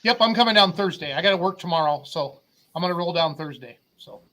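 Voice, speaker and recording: Male co-host, casual joker, high-pitched and bright. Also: lively intonation, fast. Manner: joking, teasing. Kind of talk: casual interview chat.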